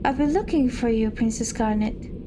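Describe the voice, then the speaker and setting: A woman's voice: fairly high pitch, moderate pace, noisy background, lightly acted. A woman reading as a cold, threatening bounty hunter. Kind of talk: game dialogue read aloud. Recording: game music playing behind.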